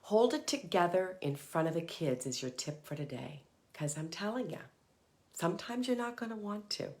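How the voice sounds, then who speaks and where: A woman's voice: on the low side, animated, normal speed, a little mellow. A middle-aged woman hosting a live motivational talk for moms, earnest and emphatic, sometimes dropping to a whisper for short mantras. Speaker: parenting coach and host.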